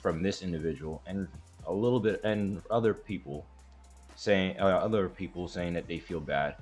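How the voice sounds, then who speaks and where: A man with a very deep, low-pitched voice talks through a reaction commentary. He rambles, hesitates and restarts, leaning hard on his points. Faint music plays behind him. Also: normal speed, darkish tone. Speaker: commentary host.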